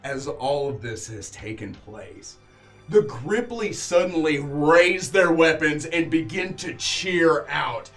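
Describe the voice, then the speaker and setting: A man narrates a tabletop game as game master, taking his time and letting the scene build. His pitch swings widely as he describes the action, with faint music playing underneath. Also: animated, fairly bright tone. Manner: vivid, unhurried scene narration with filler pauses.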